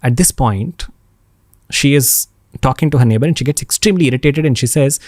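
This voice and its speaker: A man, a podcast guest telling spiritual stories in an earnest, expressive way with pauses and repeats for emphasis. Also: medium pitch, no room sound, clean studio sound. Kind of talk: spiritual storytelling.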